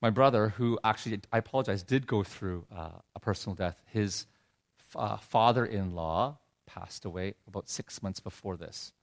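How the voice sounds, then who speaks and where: Middle-aged guy preaching, telling a personal story, slightly low voice, gets soft and quiet. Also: moderate pace, creaky. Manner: heartfelt storytelling, voice drops low and soft when moved. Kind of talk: sermon testimony.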